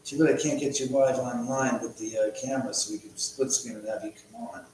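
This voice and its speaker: A man's voice: medium pitch, fairly quick, a little mellow, a little hiss or hum. Rambling, swearing man in a very echoey room. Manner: rambling, swears a lot, mutters to himself. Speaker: livestream host. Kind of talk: casual live-stream chat. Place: at home.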